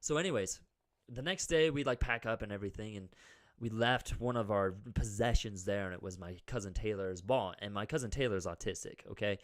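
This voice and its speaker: A young man co-hosting a podcast, telling a story in a casual, animated way, full of "like" and loud acted-out quotes. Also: lowish voice, a little fast. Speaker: podcast co-host.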